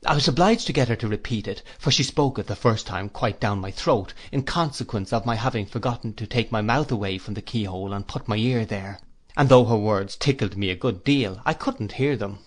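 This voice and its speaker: Man reading a classic novel aloud. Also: lowish voice. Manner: measured, reflective storytelling. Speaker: audiobook reader. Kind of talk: audiobook narration.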